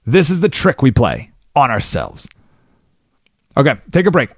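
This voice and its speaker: Animated male radio talk host. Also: medium pitch, measured pace, husky, no room sound, studio quality. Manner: animated, acts out quoted people.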